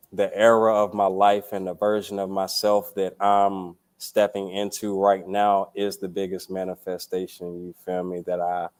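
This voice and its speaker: A young man from Durham speaks as a podcast guest. His voice sits low, and he talks in a loose, slangy way, full of cursing and constant "you feel me" check-ins. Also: darkish tone, smooth. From Durham, North Carolina. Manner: laid-back, profane, repeats "you feel me". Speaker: poet and musician guest. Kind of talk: casual podcast interview.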